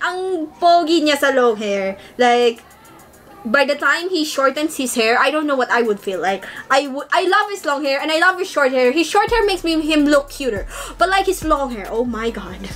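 A young woman, gushing with excitement as she chats through an unboxing vlog. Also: high voice. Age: young adult. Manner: gushing, squealing fangirl excitement. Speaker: vlogger.

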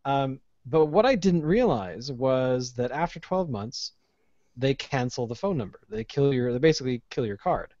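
A man, hosting a casual podcast chat and telling an animated, ranting story with plenty of swearing. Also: medium pitch, moderate pace, no room sound. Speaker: podcast host. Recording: dull lo-fi podcast audio.

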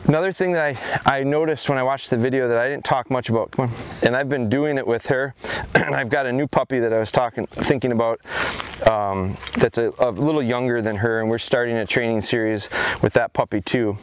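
A middle-aged man, a dog trainer, talking through an outdoor training session in a calm, plain-spoken way, recorded outside on a camera mic. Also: mid-range voice, brisk, slight background noise. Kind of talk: casual instructional vlog. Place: outdoors in a yard.

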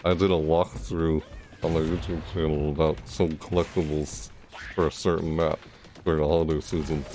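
A man streaming a shooter game, talking to himself in casual commentary with frequent startled yelps and groans. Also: low voice. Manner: excitable, yelps and self-talk.

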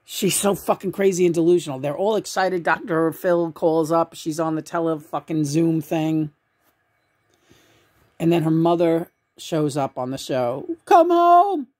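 A woman's voice: low voice, a little slow. Profane, laughing woman podcaster. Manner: profane, excitable storytelling with frequent laughter. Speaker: host reviewing a documentary. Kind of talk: casual chat.

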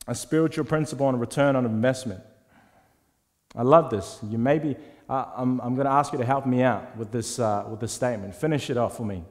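A man delivers a sermon in a school hall, his voice at an ordinary middle pitch for a man. He retells the parables with lively acted voices that jump up in pitch and loudness and then drop to near murmurs. The long reverb of the large hall rings behind every word. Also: fairly quick. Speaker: speaker of a church talk series.

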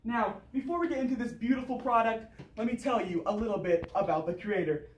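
A woman's voice: a little high, fairly quick, a little mellow, recorded from a distance. A woman giving a mock infomercial speech in hyped sales patter that talks straight to the audience, recorded from afar in an echoey room with faint noise.

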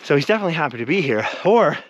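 A man's voice: on the high side, brisk, no echo, lo-fi sound. Winded middle-aged man vlogging outdoors. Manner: rambling, chatty, animated. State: out of breath. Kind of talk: casual vlog talk while hiking. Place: outdoors at a desert mine ruin.

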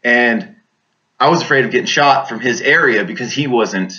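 Veteran man recounting combat, bright forceful voice, vivid and intense, dull lo-fi sound. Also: medium pitch, moderate pace. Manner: vivid, intense, with many restarts. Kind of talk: casual spoken storytelling.

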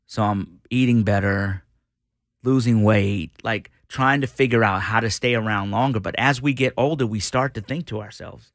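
A middle-aged man telling an animated story on a radio show, acting out the voices of the people in it. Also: on the low side, moderate pace, no room sound, studio quality. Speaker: radio host guest. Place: radio studio.

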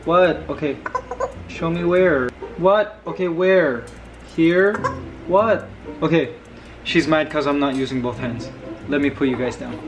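A fairly high-voiced man chats slowly and playfully in an echoey room, laughing often and cooing to his pet. Music plays clearly behind him. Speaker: vlogger. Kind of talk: casual vlog chat. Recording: roomy echo with music behind.

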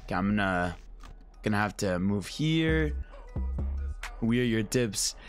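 Loud swearing young man streaming a game. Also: lowish voice, lively intonation, unhurried, soft background music. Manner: loud, swearing, screaming and laughing at jump scares. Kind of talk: live gameplay commentary.

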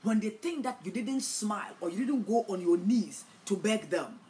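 A woman preacher giving a dramatic sermon, swinging from hushed storytelling to loud declarations. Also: medium pitch, expressive, moderate pace, slight background noise.

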